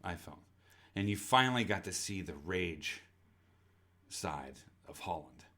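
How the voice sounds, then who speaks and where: Podcast co-host, low voice with lively swings, enthusiastic casual chat, frequent swearing. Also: male voice, a little slow.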